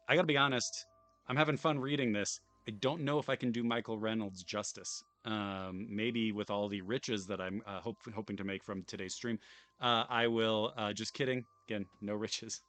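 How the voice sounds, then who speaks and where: A man's voice: fairly low pitch, fairly bright tone, clean tone, no room sound. A British man streaming live, reading game text aloud with wry, chatty, self-deprecating asides. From United Kingdom.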